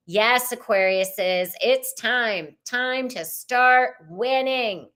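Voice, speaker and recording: A woman's voice: fairly high pitch, measured pace, hardly any pauses, a bit bright. A woman hosting a casual live tarot reading, chatty and rambling, greeting viewers by name.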